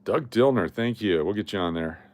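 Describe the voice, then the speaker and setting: A middle-aged man from Las Vegas, Nevada, hosts a casual coin livestream with giveaways, chatting and reading viewer comments aloud. His voice is lowish with lively intonation, at a moderate pace, and there's no room sound.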